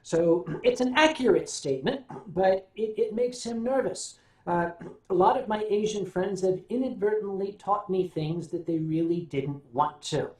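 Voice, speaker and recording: An older American man hosting a casual livestream, telling stories and answering viewer comments in a wry, unhurried way. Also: high voice, darkish tone. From United States. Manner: wry, unhurried storytelling with sips and hums. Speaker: livestream host. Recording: roomy sound, voice a bit off-mic.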